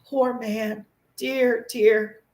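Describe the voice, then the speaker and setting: A woman's voice: fairly high pitch, flat delivery, drawn-out words, darkish tone, pitched above the performer's own voice. A woman voicing an old male miser who exclaims eagerly and a little breathlessly, in a storybook reading. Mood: fond. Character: old male miser, wistful and easily stirred. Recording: echoey room.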